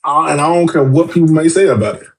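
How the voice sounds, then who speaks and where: Blunt, profane man with a higher voice. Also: quick pace. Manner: blunt, profane, animated storytelling; acts out quoted voices. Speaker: podcast guest. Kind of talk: casual podcast chat.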